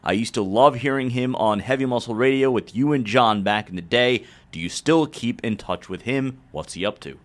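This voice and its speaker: A man's voice: medium pitch, normal speed, few pauses. Man, co-host, reads questions aloud, careful, easygoing asides. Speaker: co-host reading viewer questions. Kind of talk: reading questions aloud on a live show.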